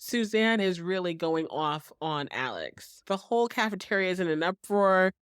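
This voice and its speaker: A woman hosting a podcast, casually recapping a TV episode in an animated way and acting out the characters' lines. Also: on the low side, moderate pace, smooth, dry recording, studio quality. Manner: animated, acts out characters' lines, laughs often. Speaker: podcast host.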